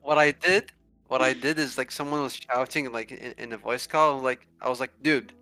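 A man's voice: medium pitch, steady tone, moderate pace, sharp tone, clear, resonant tone, rough recording. A man from France, a podcast co-host chatting casually with joking comebacks.

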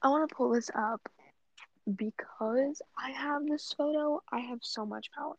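Young woman ranting, cussing a lot, kinda high voice, muffled lo-fi sound. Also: measured pace, creaky, dry recording. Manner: blunt, profane, rambling. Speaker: vlogger. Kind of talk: casual rant. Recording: dull lo-fi dry audio.

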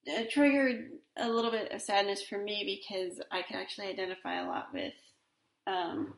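A woman's voice: medium pitch, animated, normal speed, roomy sound. A woman in her forties hosting a solo podcast in a casual, rambling way, with many fillers and restarts. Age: 40s. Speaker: podcast host.

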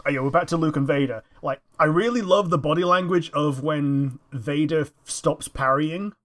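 A man chatting casually while watching a film, laughing often and chiming in with quick agreement. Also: a little high, fairly bright tone. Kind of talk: casual chat reacting to a film.

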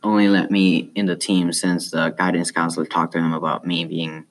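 A man's voice: low voice, flat delivery, moderate pace, a little hiss or hum. A man from South America, a Spanish speaker with a light South American Spanish accent, reading a personal essay aloud in a plain, earnest way. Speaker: student.

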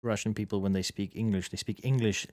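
A man's voice: fairly low pitch, fairly even intonation, fast talker, darkish tone, no echo. A man co-hosting a casual podcast among friends, wry and sarcastic, often repeating words as he starts a thought. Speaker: podcast co-host. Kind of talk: casual chat.

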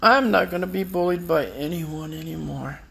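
A man's voice: on the high side, moderate pace, gravelly, a bit bright, slightly rough. A man delivering a bitter, defiant personal rant, swearing and taunting his enemies. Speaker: vlogger. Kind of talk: angry personal rant to camera.

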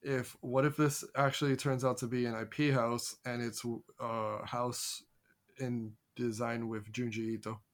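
A man's voice: mid-range voice, level tone, measured pace. A man co-hosting a podcast in a casual group chat, easygoing and joking. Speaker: podcast co-host.

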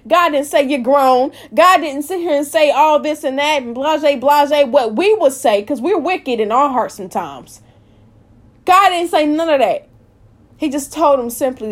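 High-voiced woman preaching with passion. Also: lively intonation, moderate pace. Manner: impassioned, repetitive, swings between loud and soft. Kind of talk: informal sermon.

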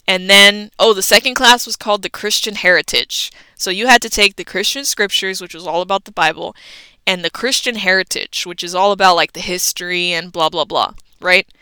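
Young woman with a bright, smooth voice. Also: medium pitch, brisk, dry recording, poor audio. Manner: chatty and swearing freely, with laughs. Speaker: podcast host. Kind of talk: casual storytelling monologue.

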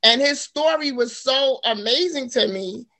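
A woman in her forties, an author guest telling her story in casual interview chat, animated and quick to laugh. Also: sits high. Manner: animated storyteller, laughs often, acts out quotes.

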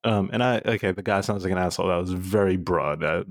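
A man with a low, gravelly voice riffs in casual podcast chat, swearing freely and working himself up. The sound is dry and close. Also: quick pace, no echo. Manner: profane, riled-up, laughing asides. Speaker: podcast co-host.

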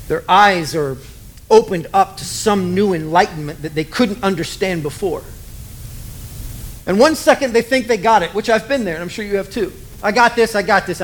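A man preaching a sermon, animated and self-deprecating, acting out the voices he quotes. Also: high voice. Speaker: pastor.

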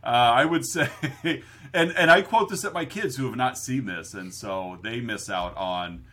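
A man co-hosting a movie podcast in casual chat, jokey and quick to laugh, often quoting films. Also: medium pitch, bright, forceful tone. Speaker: podcast co-host.

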